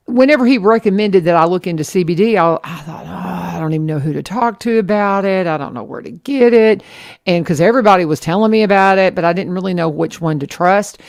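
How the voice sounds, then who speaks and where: A woman's voice: fairly low pitch, vocal fry, darkish tone. A woman radio host, talking in a chatty, enthusiastic way with many restarts. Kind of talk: casual radio chat.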